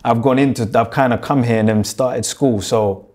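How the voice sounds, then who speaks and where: A man's voice: medium pitch, steady tone, normal speed, a little mellow. A young man raised in Jamaica and then London tells his story in easy, slang-laden talk. His voice sits in an ordinary middle register, and his accent mixes Jamaican and London sounds. He checks in with his listener often. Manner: laid-back street slang, lots of "you get me". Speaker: guest. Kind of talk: casual interview, storytelling.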